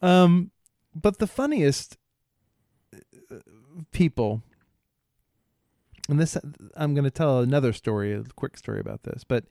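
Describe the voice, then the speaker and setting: A man co-hosting a podcast, telling a rambling story in casual chat, halting often, laughing, and imitating bystanders' voices. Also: mid-range voice, animated, gravelly, mellow, dry recording, clean studio sound. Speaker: podcast co-host.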